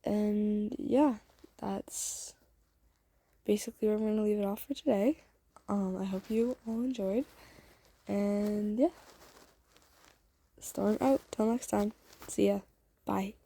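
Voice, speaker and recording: A woman's voice: medium pitch, fairly even intonation, slow pace, pauses often, mellow. A woman casually telling a second-person fan story, rambling and correcting herself with many fillers. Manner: rambling, lots of "like" and self-corrections. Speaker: storyteller and channel host.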